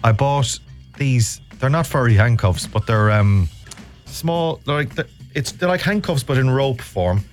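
A man's voice: medium pitch, animated, a little slow, soft background music. Rambling radio host, man. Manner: rambling, self-mocking, bluntly teasing callers. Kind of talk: casual radio chat.

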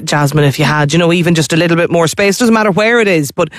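A man's voice: fairly high pitch, fast talker, no echo, studio quality. An Irish man hosting a live radio talk show, fluent and friendly, with plenty of fillers. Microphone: studio microphone.

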